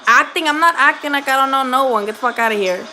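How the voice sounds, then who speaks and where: A woman's voice: high voice, fast, sharp tone. A woman hosting a casual boxing livestream, talking bluntly and with a lot of profanity as she jokes and answers her chat. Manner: blunt, profane and joking, talks back to chat.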